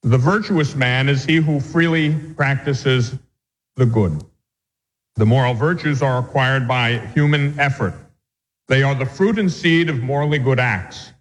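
A man, a Catholic priest, giving a measured, patient catechism lecture with anecdotes. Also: medium pitch, big-room sound, rough recording.

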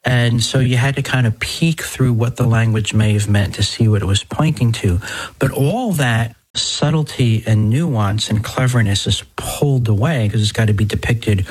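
A middle-aged Catholic priest hosting a talk show, speaking in a conversational, digressive way with folksy exclamations. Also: male voice, mid-range voice, moderate pace, breathy edge, rough recording. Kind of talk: podcast talk.

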